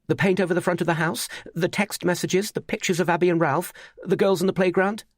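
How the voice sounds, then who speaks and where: A man's voice: fairly high pitch, very animated, a little fast, dry recording, studio quality, voice pushed up. A man voicing an anxious, insistent young husband in an audiobook, speaking raised and urgent. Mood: pressing. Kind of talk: audiobook character voice.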